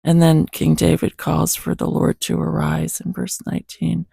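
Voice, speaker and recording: A man with a hoarse morning voice reads Bible verses slowly and earnestly, then reflects on them and prays. His raised, gravelly voice sounds husky, and the sound is close and dry. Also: a little high, monotone, warm tone, no room sound. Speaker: host reading scripture to his cat. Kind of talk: casual Bible reading, reflection and prayer.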